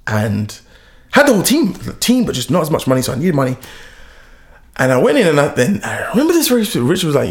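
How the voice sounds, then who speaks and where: Brief: young founder, lively storyteller, laughs a lot, voice jumps up and down. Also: male voice, vocal fry. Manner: animated, laughs often, lively pitch swings. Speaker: founder, interview guest. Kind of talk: casual interview storytelling.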